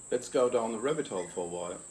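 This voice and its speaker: A man hosting an interview as a consciousness coach, calmly explaining ideas step by step and posing rhetorical questions to the listener. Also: medium pitch, fast talker, slight background noise. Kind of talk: reflective interview talk.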